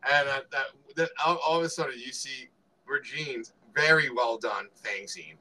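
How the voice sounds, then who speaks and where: Male co-host, bright and rambling, casual retelling of film scenes. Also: medium pitch, moderate pace, rough recording. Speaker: podcast co-host. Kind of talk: casual movie review chat.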